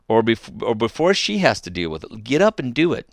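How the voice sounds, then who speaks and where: A man's voice: mid-range voice, very animated, a little fast, no room sound, clean studio sound. A middle-aged man hosting a call-in radio show on faith, talking earnestly and exhorting listeners, often restarting his phrases.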